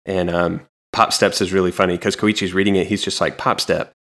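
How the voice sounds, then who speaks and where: A man co-hosting a podcast, casually recapping a comic in a relaxed, meandering way with frequent ums. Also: deep voice, a little fast. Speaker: podcast co-host.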